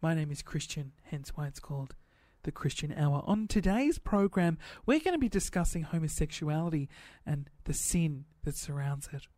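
A man voicing a pompous male radio preacher, speaking in low, hushed, mock-solemn tones. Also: animated, normal speed, no room sound, studio quality, natural voice.

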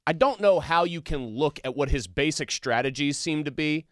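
A man's voice: fairly high pitch, moderate pace, a bit bright, no room sound, clean studio sound. A man co-hosting a casual sports talk show, arguing his points emphatically. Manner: emphatic, argumentative. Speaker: sports podcast co-host.

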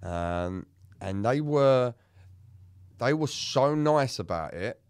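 Taking his time, this co-host speaks in a smooth mid-range voice with no echo. He recounts something from his own life on a casual podcast, openly and animatedly, cursing freely as he goes.

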